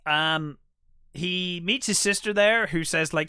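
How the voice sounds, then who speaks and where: A man's voice: sits high, takes it slowly, sharp tone, clear, resonant tone, no echo, studio quality. A man co-hosting a podcast, casually retelling a film's plot in a rambling way, full of fillers and restarts. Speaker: podcast co-host. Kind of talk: casual film recap chat.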